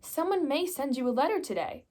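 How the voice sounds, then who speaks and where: A woman's voice: sits high, sing-song, fairly quick, a little mellow, voice pushed up. A young woman voicing an earnest, cheerful male frog in a storybook reading, speaking in an eager, coaxing way.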